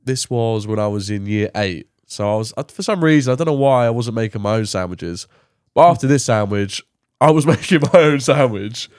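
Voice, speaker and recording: A young man chats at a middle pitch, rambling through a story and laughing as he goes. His voice sounds dry and close, with no room around it. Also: lively intonation, brisk, smooth, dry recording. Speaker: podcast co-host, son. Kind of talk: casual chat.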